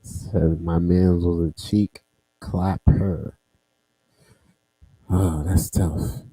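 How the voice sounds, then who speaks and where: A man's voice: low voice, little pitch movement, extremely slow, mellow, dry recording, poor audio. A man hosting a casual talk show, laid-back, reacting and summing up. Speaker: podcast host. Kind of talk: casual chat.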